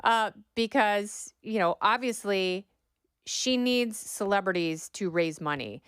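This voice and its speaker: A middle-aged woman hosts a political podcast, delivering opinionated commentary with a sarcastic bite. Her voice is smooth and crisp, recorded close and dry in a studio with no room sound. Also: mid-range voice, slow pace, a bit bright, no echo. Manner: sarcastic, mocks quoted talking points in exaggerated voices. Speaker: podcast host.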